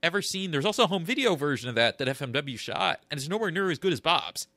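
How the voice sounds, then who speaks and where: A man co-hosting a podcast in casual chat, thoughtful and halting as he recalls details. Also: on the high side, big pitch swings, bright, forceful tone, no echo. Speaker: podcast co-host.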